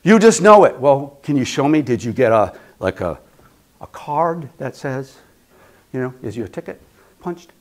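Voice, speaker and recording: A man pastor preaching a casual, conversational sermon, often repeating phrases for emphasis and slipping into quick acted asides. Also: mid-range voice, very animated.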